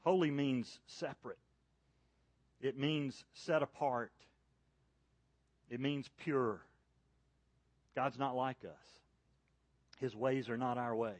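A man's voice: fairly even intonation, slow pace, pauses often, no room sound. Emphatic man preaching, dry sound. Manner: emphatic, climbing loud and high on key points, dropping soft in prayer. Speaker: pastor. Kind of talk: sermon. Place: church service.

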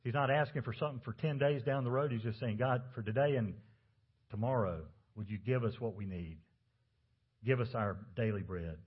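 A man's voice: medium pitch, moderate pace, slightly rough, narrow, tinny audio. A man preaching a sermon as pastor, talking conversationally and asking the congregation rhetorical questions.

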